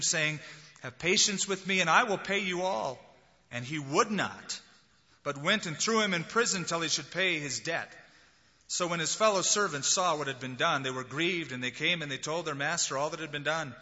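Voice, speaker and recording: A man preaching a sermon, expressive and acting out the voices of people he quotes. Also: on the high side, normal speed. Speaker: pastor. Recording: dull lo-fi recording in a large hall.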